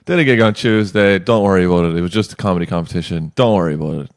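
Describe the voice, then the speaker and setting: Low-voiced man, dry teasing. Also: very fast. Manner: dry teasing, rambling with restarts. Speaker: podcast co-host. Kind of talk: casual banter.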